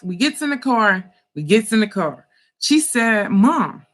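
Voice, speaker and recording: A woman hosting an online talk, telling a family story in a casual, animated, profane way with slangy speech and frequent laughter. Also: a little high, a little slow. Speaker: host.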